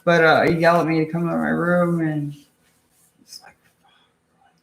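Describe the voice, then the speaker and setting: High, gravelly young man telling his story. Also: level tone, fairly bright tone, roomy sound, a little hiss or hum. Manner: halting, many restarts and fillers, frequent swearing. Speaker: vlogger. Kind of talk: casual personal storytelling.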